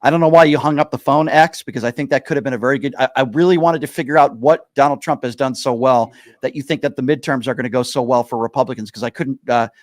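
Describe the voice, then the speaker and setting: Male talk radio host, quick and pushy with callers, dry close studio mic. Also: medium pitch, dry recording. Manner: presses callers, interrupts to slow them down. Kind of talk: live call-in radio talk.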